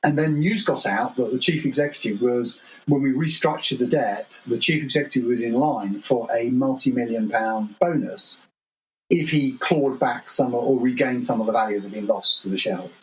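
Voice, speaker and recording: A man's voice: medium pitch, moderate pace, low-quality recording. A man, a guest author on a podcast interview, telling stories in a wry, self-deprecating way.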